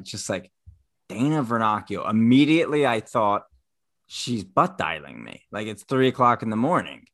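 A man co-hosting a podcast, telling a story in a casual, animated way and acting out the people in it. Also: on the low side. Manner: animated, acts out every voice. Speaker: podcast co-host.

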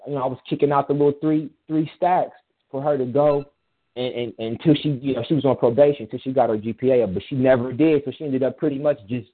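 A man's voice: mid-range voice, fairly even intonation, quick pace. A man in casual chat, telling a personal story in a rambling, emphatic way with frequent restarts. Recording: tinny phone-line sound.

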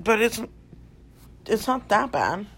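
A woman's voice: mid-range voice, big pitch swings, slow, a bit bright, a little hiss or hum. A young adult woman, a store clerk, animatedly telling a story in casual chat, swearing and saying "dude" and "like" a lot.

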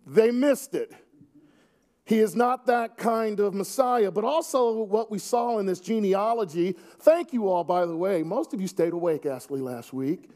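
A man's voice: sits high, expressive, a little slow, dark tone. A man preaching a sermon to his congregation, earnest with wry asides. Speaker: pastor.

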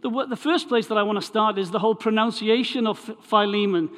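A fast-talking man from Wales, with a high and fairly bright voice, preaches to his congregation. He is conversational and tends to restart phrases as he introduces his sermon and reads scripture, recorded with long hall reverb.

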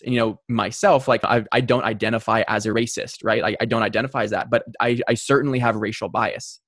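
A man's voice: medium pitch, fairly even intonation, quick pace, few pauses, fairly bright tone, no echo, studio quality. A young man hosting a casual conversation, reflective and hesitant, often repeating words as he thinks. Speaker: podcast host.

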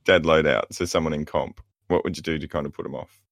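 A man's voice: a bass voice, fairly even intonation, fast, creaky, no room sound, clean studio sound. A man co-hosting a podcast in casual chat, teasing and laughing often. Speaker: podcast co-host.

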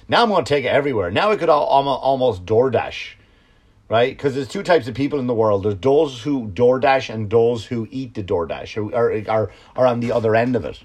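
A man's voice: mid-range voice, expressive, brisk. An Irish man from Ireland hosting a podcast, delivering a rambling, profane, sarcastic comedic monologue. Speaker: podcast host.

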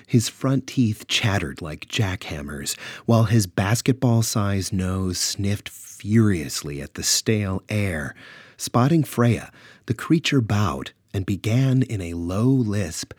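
A man's voice: fairly low pitch, husky, dry recording, clean studio sound. A man narrating a dramatic pulp adventure story. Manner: animated, dramatic.

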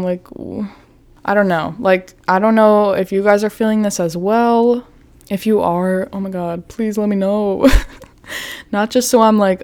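A woman's voice: medium pitch, steady tone, normal speed, a little mellow, clear, resonant tone. Giggly young woman podcast host. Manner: chatty, giggly, swears freely, lots of "like". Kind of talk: casual solo podcast chat.

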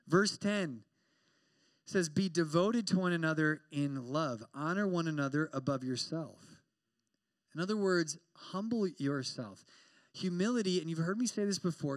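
Young male campus preacher, high-pitched, dry close mic, animated and joking. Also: no room sound. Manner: animated, joking, acts out quoted exchanges. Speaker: campus pastor. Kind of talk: sermon.

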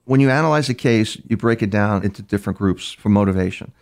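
A man's voice: on the low side, fast talker, gravelly, darkish tone. An older man, a criminal profiler, telling long anecdotes in an interview, with frequent restarts. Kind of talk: interview storytelling.

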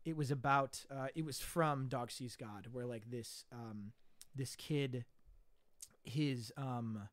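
A man's voice: mid-range voice, slow, a bit bright, dry recording. A young man in casual podcast chat, rambling with many fillers and restarts as he recalls acting class.

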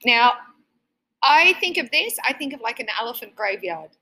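A woman's voice: a little high, sing-song, moderate pace, sharp tone, rough recording. A woman with an Australian accent, chatting casually and teasing her co-host, laughing often. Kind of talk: casual chat.

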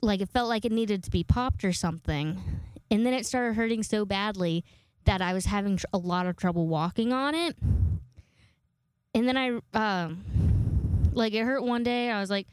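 A woman in her twenties hosts a casual podcast monologue, rambling and swearing freely. Her voice is smooth and clear. It sits close and dry on the microphone. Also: medium pitch, normal speed, dry recording. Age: 20s. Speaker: podcast host.

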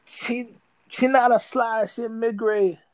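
A man's voice: very high voice, fairly even intonation, unhurried. A man co-hosting a podcast in casual chat, rambling and repeating words, full of slang. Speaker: podcast co-host.

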